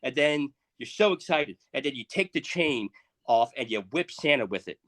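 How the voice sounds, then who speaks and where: A man in his thirties co-hosting a podcast, delivering a crude, profane comedic rant that swings between loud outbursts and muttered asides. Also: mid-range voice, animated, moderate pace. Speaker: podcast co-host.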